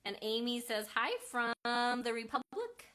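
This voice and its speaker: A woman's voice: on the high side, big pitch swings, normal speed, sharp tone, slight background noise. A woman hosting a casual live craft demonstration at home. She chats loosely, reads out viewer comments, and corrects herself with frequent ums. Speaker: craft livestream host and mother. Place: at home with her kids.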